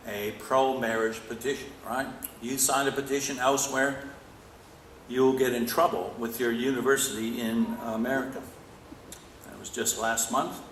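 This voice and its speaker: A man's voice: medium pitch, fairly bright tone. An Australian man giving an emphatic conference talk, often prodding the audience with "right?". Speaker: conference speaker. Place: conference hall. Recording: echoey hall with faint noise.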